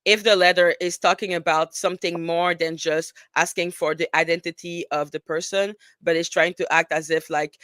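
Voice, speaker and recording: A woman's voice: on the low side, steady tone, normal speed, hardly any pauses, a bit bright, no room sound. A woman with a French accent co-hosting a podcast, reading news aloud carefully and then commenting on it. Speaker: podcast co-host.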